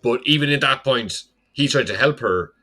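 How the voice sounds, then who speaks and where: A man's voice: mid-range voice, expressive, normal speed, pushed and bright. A young man co-hosting a podcast, slightly tipsy, rambling through a casual recap with lots of "like" and some swearing. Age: young adult. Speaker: podcast co-host. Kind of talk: casual chat.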